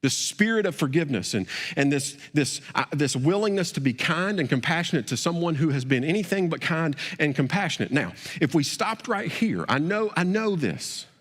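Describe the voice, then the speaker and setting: A man's voice: big pitch swings, moderate pace, few pauses. Man preaching a sermon in a reverberant church. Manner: repeats words, builds to emphatic peaks then drops low. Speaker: pastor. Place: church sanctuary. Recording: long hall reverb.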